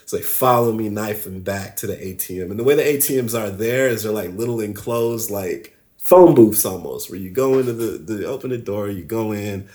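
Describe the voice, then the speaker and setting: A man telling a story as a podcast guest, animated and loose, acting out the other people's voices and laughing often. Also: on the low side, moderate pace. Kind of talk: casual storytelling.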